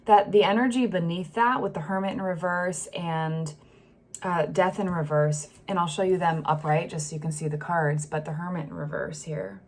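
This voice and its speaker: A woman's voice: fairly low pitch, fairly even intonation, moderate pace. A woman giving a casual, emotional tarot reading, acting out what she senses with sighs and broken-off sentences. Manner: emotional, acts out the feelings she reads, sighs and trails off. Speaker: tarot reader.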